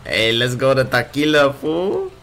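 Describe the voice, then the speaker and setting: A man's voice: mid-range voice, huge pitch swings, measured pace, fairly bright tone, exaggerated voice. A cocky, brash dude in a game roleplay, put on by a man. He talks, throwing "fool" and "vato" at everyone. Faint music plays behind him. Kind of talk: GTA-style game roleplay.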